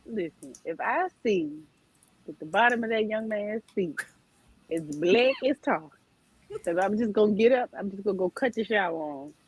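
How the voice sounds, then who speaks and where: A woman's voice: mid-range voice, moderate pace, husky, low-quality recording. A woman panelist, emphatic and preachy in her storytelling. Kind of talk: live panel chat.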